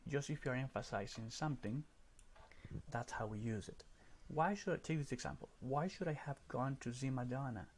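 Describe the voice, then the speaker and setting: Man, teacher type, recorded slide lesson, middle-pitched voice, patient step-by-step explaining, light background hiss. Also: darkish tone. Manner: explains step by step, frequent "right?" checks.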